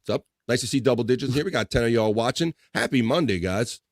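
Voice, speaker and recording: A man's voice: mid-range voice, expressive, fast, no echo, clean studio sound. A man hosting a casual livestream, joking loosely and reading viewer comments aloud. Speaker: livestream host. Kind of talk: casual live chat.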